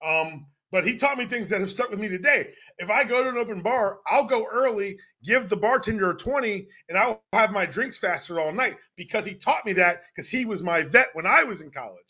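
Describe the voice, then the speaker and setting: Male podcast host, thirties, high and bright voice, playful teasing banter, dull lo-fi sound. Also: animated, a little fast, hardly any pauses, breathy edge. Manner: playful, mock-indignant and joking. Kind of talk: casual sports podcast chat.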